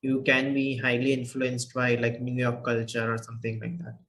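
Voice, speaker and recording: A man's voice: mid-range voice, completely flat delivery, moderate pace, fairly bright tone, low-quality recording. Indian man hosting a casual podcast. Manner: hesitant, restarts and fillers. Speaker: podcast host. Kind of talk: casual interview chat.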